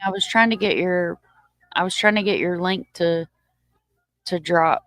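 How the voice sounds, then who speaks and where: A woman with a somewhat low voice chats loosely with her live viewers, sounding slightly winded. The sound is close and dry, with no room echo. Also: unhurried. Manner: chatty and informal, talking to viewers. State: a little short of breath. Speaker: livestream host. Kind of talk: casual livestream chat.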